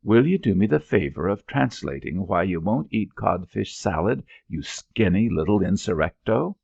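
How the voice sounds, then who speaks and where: A man's voice: sits low, very animated, moderate pace, vocal fry, husky, no echo, muffled recording, full character voice. A man voicing a weary, scolding old widowed landlady who nags sharply. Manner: nagging, sharp-tongued.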